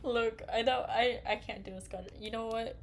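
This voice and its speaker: A woman's voice: on the high side, fairly even intonation, normal speed. A young woman chatting casually and reading a story aloud, often restarting her words. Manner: stumbling, restarting, giggly.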